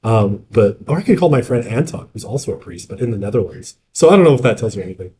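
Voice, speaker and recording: A man's voice: on the low side, animated, fast, mellow. A man giving a casual university lecture in a classroom. He keeps checking in with the class by asking "right?" and drifts into joking asides.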